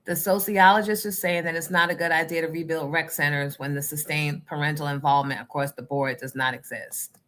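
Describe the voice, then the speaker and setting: A woman's voice: deep voice, fairly even intonation, a little fast, fairly bright tone. A woman hosting a casual livestream show, speaking outspokenly and answering her chat. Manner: outspoken, talks back to the chat.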